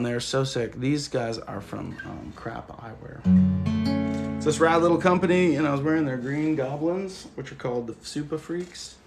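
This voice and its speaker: Gravelly dude goofing around on a live stream, faint guitar in the back. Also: male voice, medium pitch, a bit bright. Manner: laid-back, joking, chatty. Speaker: livestream host. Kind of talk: casual livestream chat reading comments.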